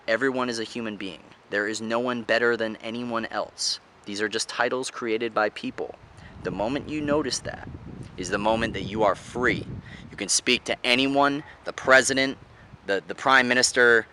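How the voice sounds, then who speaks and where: Bright-voiced male life coach. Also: on the low side. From United States. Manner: demonstrates voice tones with exaggerated examples. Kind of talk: motivational talk to camera.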